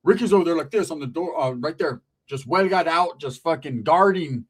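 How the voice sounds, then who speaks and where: A man telling a comedic story with animated, profane, slangy delivery. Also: on the high side, a little fast, husky.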